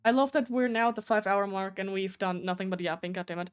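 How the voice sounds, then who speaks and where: A woman's voice: medium pitch, fairly even intonation, quick pace, clean tone. A woman with a German accent, a native German speaker, chatting casually and rambling on a live gameplay stream, swearing often.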